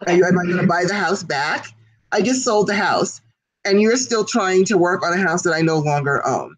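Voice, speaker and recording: A woman's voice: on the low side, lively intonation, moderate pace, poor audio. A woman co-hosting a casual talk show, talking at length in an emphatic, indignant way. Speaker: co-host. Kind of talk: casual chat.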